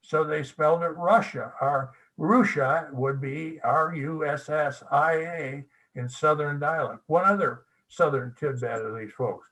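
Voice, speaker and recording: A man's voice: fairly high pitch, unhurried, few pauses, fairly bright tone, poor audio. Older man telling folksy history stories. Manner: folksy storyteller, spells words out. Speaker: guest speaker. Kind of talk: anecdotal local history talk. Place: club meeting room.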